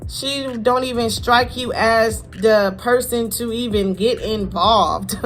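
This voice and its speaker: A young woman from Florida, telling a personal story to camera in a halting, repetitive, heartfelt way with casual slang. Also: on the high side, fairly bright tone, faint music behind. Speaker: vlogger.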